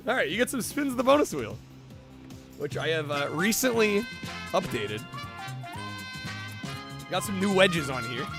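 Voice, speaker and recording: A man's voice: sits high, sing-song, a little slow, creaky, pauses often. A man hosting a casual livestream, chatting in a laid-back way and thanking viewers. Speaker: streamer host. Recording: music playing under voice. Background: background music.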